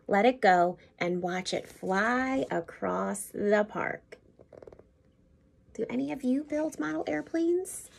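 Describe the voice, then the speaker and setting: A school principal, a woman, reading a picture book aloud to children in an expressive, teacherly way. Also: mid-range voice, gravelly.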